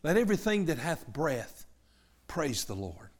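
A middle-aged male pastor preaching a sermon, emphatic, moving between loud urgency and hushed lines. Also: a little high, very animated, measured pace.

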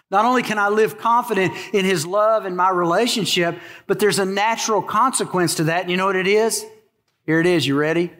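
High-voiced preacher man, emphatic. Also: a bit bright. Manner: emphatic storytelling preacher, rhetorical questions to the audience. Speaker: pastor. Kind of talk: sermon.

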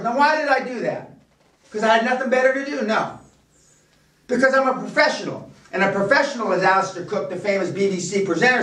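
Brash, profane American seminar speaker, echoey. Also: male voice, very high voice, lively intonation, normal speed, fairly bright tone. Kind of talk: profane motivational seminar talk. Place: seminar room in a castle. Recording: echoey room, speaker far from mic.

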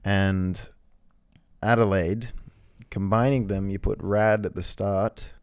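A man talks in a slow, deadpan drawl, pausing on ums between short answers. His voice sits a little low. The sound is dry and close. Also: smooth, dry recording. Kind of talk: casual deadpan chat.

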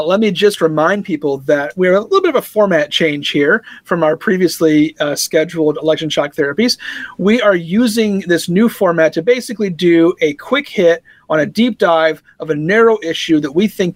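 A man with a high-pitched voice hosts a casual discussion podcast. He talks conversationally, with plenty of fillers and a touch of dry sarcasm. The recording is dry and close, with no room sound. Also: no echo, rough recording. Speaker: podcast host.

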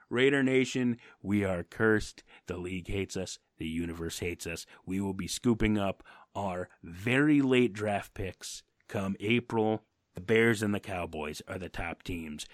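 On a football podcast, a male co-host rants his opinions in a brash, profane way, casual sports talk. His voice sits on the low side, and the recording is clean studio sound with no echo.

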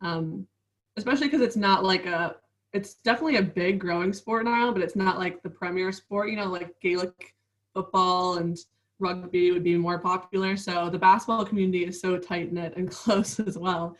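A woman's voice: on the low side, steady tone, moderate pace, recorded from a distance, rough recording. A woman in her twenties, a professional basketball player, chatting casually as an interview guest with many fillers and frequent laughs.

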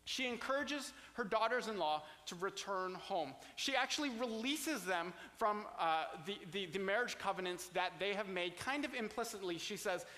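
A man's voice: sits high, pushed and bright, in a large hall. A man teaching a Bible study, explaining the passage in a conversational way with casual asides.

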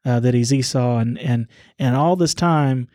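A man casually retelling a Bible story to his father, pausing often with "uh" and repeating words as he goes. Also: medium pitch, mellow, no room sound, clean studio sound. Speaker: son discussing scripture with his father.

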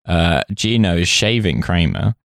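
A man hosting a podcast, recapping a sitcom episode in casual chat with dry, deadpan jokes and frequent laughs. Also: deep voice, measured pace, gravelly, dry recording. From Britain.

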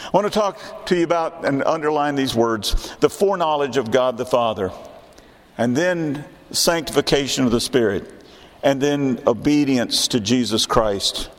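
A man's voice: medium pitch, in a large hall. A man in his sixties preaching a sermon in a church, emphatic and repeating his key questions. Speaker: pastor. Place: church sanctuary.

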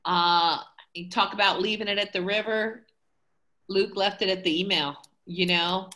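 A woman's voice: medium pitch, steady tone, measured pace, sharp tone. A woman being interviewed as a hair educator, talking casually and rambling with lots of fillers. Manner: chatty, rambling, many fillers.

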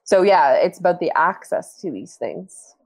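A woman co-hosting a podcast, relaxed and laughing between points in casual chat. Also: lowish voice, unhurried, slightly rough, no room sound. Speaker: podcast co-host.

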